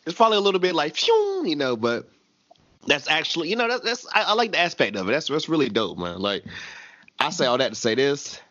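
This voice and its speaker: A man's voice: fairly high pitch, expressive, fast talker, pushed and bright, no room sound, dull audio. A man in his twenties co-hosting a podcast, chatting casually and animatedly about a TV episode, full of slang and laughter. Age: 20s. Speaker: podcast co-host. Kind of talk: casual chat recapping a TV episode.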